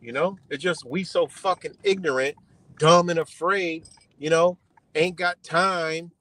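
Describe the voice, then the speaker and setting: A man's voice: fairly high pitch, fairly even intonation, a little slow, a bit bright, low-quality recording. A man ranting on a live stream in a heated, profane way, repeating his points and tagging them with "you know". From United States. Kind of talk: casual rant on a live stream.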